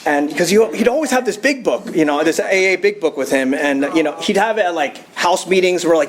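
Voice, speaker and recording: Man telling his recovery story, slightly high. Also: animated, fairly quick, hardly any pauses. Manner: casual, storytelling with fillers and laughs. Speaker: AA speaker. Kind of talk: personal recovery story at a meeting.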